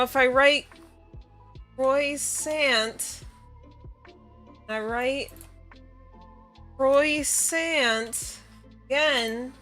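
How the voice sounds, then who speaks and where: A woman's voice: high voice, pushed and bright. A woman live-streaming in casual chatter, rambling in bafflement and often breaking into laughter.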